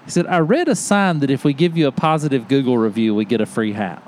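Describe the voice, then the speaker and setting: A man on a podcast telling a hunting story in casual chat, animated and laughing often as he acts out what people said. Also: medium pitch, fast talker, slight background noise. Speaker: podcast host.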